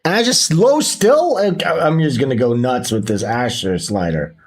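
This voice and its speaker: A man's voice: medium pitch, expressive, measured pace. Joking man hosting a livestream. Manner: joking, teasing, talks over guest. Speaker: streamer host. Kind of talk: casual livestream chat.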